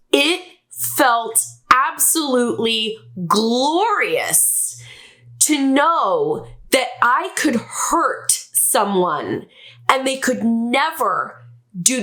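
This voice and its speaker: Slow-talking bright-voiced woman storyteller. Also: fairly high pitch. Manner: candid, self-reflective, wry. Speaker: vlogger telling a personal story. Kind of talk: candid storytelling.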